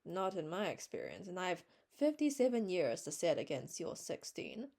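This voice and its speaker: A woman's voice: fairly low pitch, sing-song, normal speed, gravelly, warm tone, exaggerated voice. A woman voicing a sour, pessimistic spinster in her late fifties from a storybook, speaking bluntly and dismissively. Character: gloomy 57-year-old spinster, sour pessimist.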